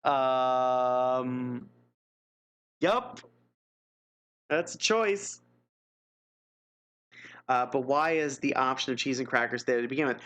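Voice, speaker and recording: A man reads an interactive gamebook aloud on a live stream and chats about the choices between passages. He talks slowly and casually. His tone is wry and self-mocking, and he chuckles often. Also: medium pitch, fairly bright tone, smooth, lo-fi sound.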